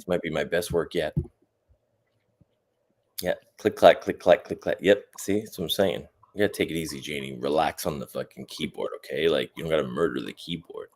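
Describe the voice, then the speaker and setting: A man chatting casually on a livestream as a guest, joking and boasting in an excitable way. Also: extremely low pitch, fairly quick.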